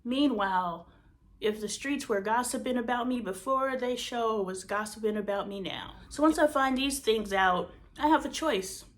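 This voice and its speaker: Woman, podcast host, emotional storytelling, blunt and profane, fairly high voice, loud bursts and hushed whispers. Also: moderate pace. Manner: candid and profane, emphatic; swings from loud emphasis to hushed near-whispers.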